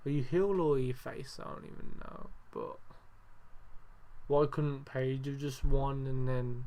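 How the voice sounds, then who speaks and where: A man's voice: mid-range voice, fairly even intonation, a little slow, a bit bright. A young man hosting a casual review podcast, ranting and swearing freely with lots of fillers. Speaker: podcast host.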